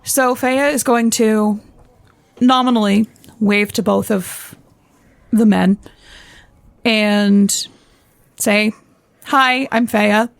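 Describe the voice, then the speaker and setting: Female player, gravelly voice, calm curious questions, dry sound. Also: medium pitch, extremely slow, pauses often, no echo. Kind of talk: casual tabletop roleplay.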